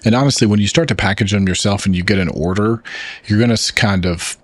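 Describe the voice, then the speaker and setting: Man, Southern US accent, low voice; easygoing, self-deprecating gaming commentary. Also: quick pace. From Arkansas. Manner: chatty, explains controls, self-deprecating. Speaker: gaming channel host. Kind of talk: casual let's play commentary.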